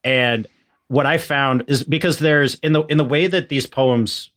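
A man's voice: medium pitch, unhurried, fairly bright tone. A young man co-hosting a podcast who tells academic stories in casual chat, rambling with frequent restarts. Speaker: podcast co-host.

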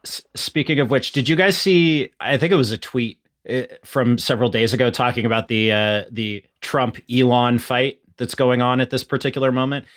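A young man in casual podcast chat who rambles through academic stories with frequent restarts. His voice sits at an average pitch. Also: steady tone, moderate pace, hardly any pauses. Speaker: podcast co-host.

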